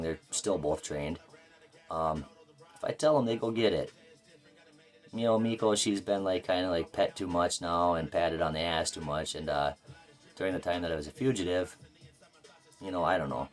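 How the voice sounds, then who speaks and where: Deep-voiced man telling a blunt story. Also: moderate pace, long pauses, soft background music. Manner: rambling, profane, blunt. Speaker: vlogger. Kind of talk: casual storytelling to camera.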